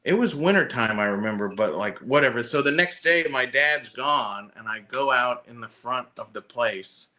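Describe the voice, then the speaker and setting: A man in casual podcast conversation, spinning a long, rambling anecdote laced with profanity. His voice is bright and forceful, and he keeps restarting sentences as he goes. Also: mid-range voice, animated, moderate pace, hardly any pauses. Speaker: podcast host. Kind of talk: casual chat.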